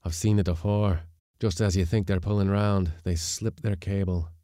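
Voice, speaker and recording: A man voicing a stern, burly old sea skipper who talks in a blunt, rough seaman's dialect. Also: low voice, fairly even intonation, normal speed, dark tone, no echo, studio quality, lightly acted. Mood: matter-of-fact.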